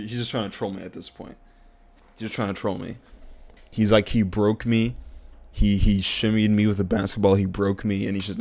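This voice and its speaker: Young male streamer, low and gravelly, slangy and exasperated, repeats himself a lot. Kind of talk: casual gaming commentary.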